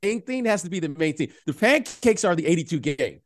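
Lively, animated male podcast co-host. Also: fairly high pitch, fairly quick. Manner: animated, repeats himself, keeps addressing his co-host. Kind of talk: casual chat.

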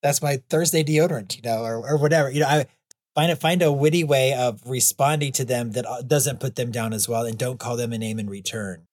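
A man's voice: mid-range voice, dry recording, clean studio sound. A man being interviewed as a guest clown and author, rambling easily with frequent chuckles and fillers. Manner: rambling, chuckles often, many "you know"s. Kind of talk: casual interview chat.

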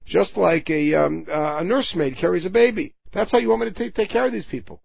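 A man giving a verse-by-verse Torah lesson, reading Hebrew lines and explaining them in English, often pausing to search for words. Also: high voice, vocal fry, dry recording. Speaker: Torah teacher. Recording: dull, dry lo-fi recording.

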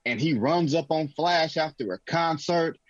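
A man co-hosting a casual sports talk show, animated and telling stories with movie references. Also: on the high side, moderate pace, dry recording, muffled recording.

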